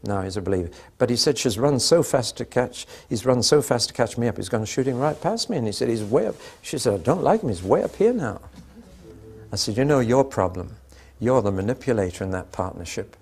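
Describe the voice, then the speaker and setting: A man's voice: mid-range voice, lively intonation, a little fast, hardly any pauses, darkish tone, breathy edge. An older man preaching a sermon, telling anecdotes with dry humour and acting out the dialogue.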